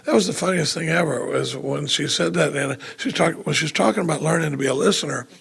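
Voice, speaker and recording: Man, very gravelly, raspy voice, slightly high, rambling self-mocking retreat talk. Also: fast talker, fairly bright tone. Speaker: recovery retreat speaker. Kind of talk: storytelling talk to a live audience. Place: retreat meeting room with audience.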